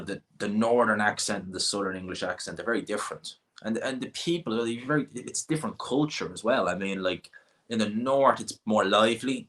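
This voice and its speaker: On his boxing stream, this young host from Ireland speaks with a low voice and fairly bright tone. He fields chat questions in a loose, rambling way, often saying the same things twice.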